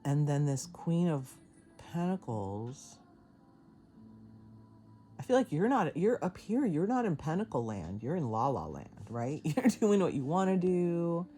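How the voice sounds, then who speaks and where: A woman giving a casual tarot reading to camera, chatty and excitable, laughing often and swearing casually. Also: low voice, measured pace, faint music behind. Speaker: tarot reader.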